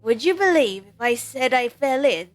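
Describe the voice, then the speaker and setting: A woman's voice: sits high, animated, normal speed, dry recording, faint music behind. A woman voicing a lazy, drunk young male punk with a laid-back, teasing drawl. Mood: wry.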